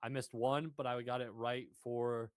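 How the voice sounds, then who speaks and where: A man's voice: mid-range voice, flat delivery, normal speed, clean tone, dry recording. Young man arguing sports, dry room. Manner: casual, swearing, argues points at length. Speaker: podcast co-host. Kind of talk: casual sports chat.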